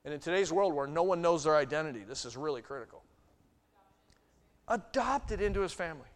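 A male pastor preaching a sermon, swinging from loud bursts to hushed asides. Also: a little high, animated, a little fast. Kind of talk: sermon teaching. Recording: long hall reverb.

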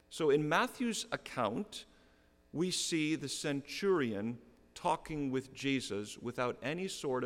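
A middle-aged man preaching a sermon, explaining a text earnestly and repeating key phrases for emphasis. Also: medium pitch. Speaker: pastor. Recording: long reverb of a hall.

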